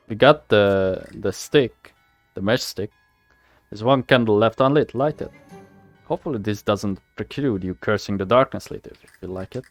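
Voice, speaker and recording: A man's voice: on the low side, normal speed, soft background music. A man casually narrating a game he is playing, rambling and self-deprecating. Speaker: gamer reading and playing.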